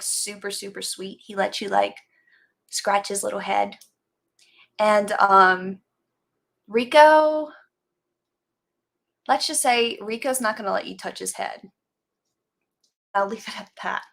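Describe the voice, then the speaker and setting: A woman chatting casually on her live stream, rambling from one thought to the next. She stops now and then to greet viewers by name. Her voice has a steady gravelly fry underneath. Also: mid-range voice. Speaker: livestream host chatting with viewers.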